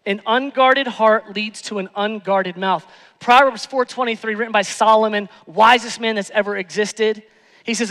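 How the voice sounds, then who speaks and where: Man, pastor preaching, very high voice, repeats lines for emphasis, long church reverb. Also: moderate pace, bright, forceful tone. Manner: emphatic, repeats phrases, rhetorical questions. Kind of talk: sermon. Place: church sanctuary.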